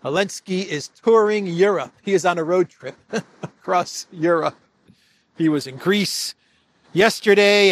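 Sarcastic high-voiced male commentator. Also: a bit bright. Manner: sarcastic, mocking, laughs between points. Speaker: political commentator. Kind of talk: solo political commentary.

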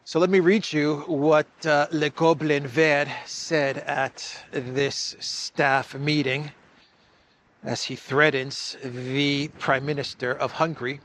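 A man's voice: on the high side, flat delivery, slow pace, a bit bright. A man giving political news commentary in a mocking tone, laughing at the people he covers.

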